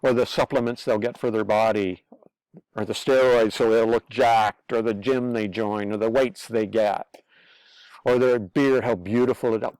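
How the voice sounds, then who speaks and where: A man's voice: on the low side, steady tone, normal speed, a little mellow, no echo. A man talking in a casual advice monologue, blunt and earnest, repeating himself and swearing freely. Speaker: online pastor-commentator.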